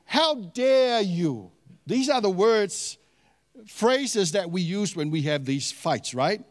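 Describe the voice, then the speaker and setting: A pastor preaches slowly in a high voice, animated and posing questions to his congregation. His speech is full of fillers and restarts, and a long reverb tail trails behind it.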